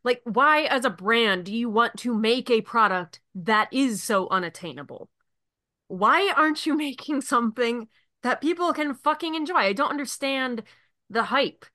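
A woman's voice: a little high, expressive, moderate pace, sharp tone, no room sound, clean studio sound. A woman co-hosting a casual podcast, ranting and swearing freely and laughing often. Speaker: podcast co-host.

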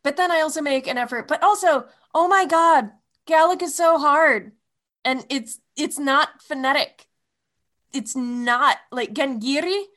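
A woman in casual chat who works in wine retail, animated and profane. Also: high voice, unhurried. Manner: animated, profane, swooping emphasis.

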